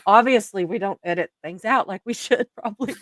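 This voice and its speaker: A chatty Southern woman hosts a relaxed livestream. She laughs often as she reads out viewer comments. Her voice sits at an average pitch and is recorded dry and close. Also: moderate pace, no room sound. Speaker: livestream host. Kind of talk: casual chat reading viewer comments.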